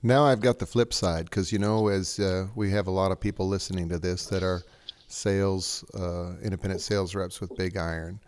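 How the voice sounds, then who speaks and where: A man's voice: sits low, steady tone, normal speed, darkish tone. A man hosting a podcast, putting direct questions to his guest. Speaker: podcast host. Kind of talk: interviewing a guest.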